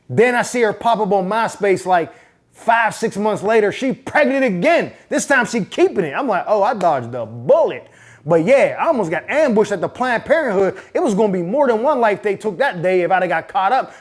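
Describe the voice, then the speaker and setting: A man hosting his own channel, telling a personal story in a casual, profane, animated way. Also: sits high. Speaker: host. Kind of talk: storytelling monologue.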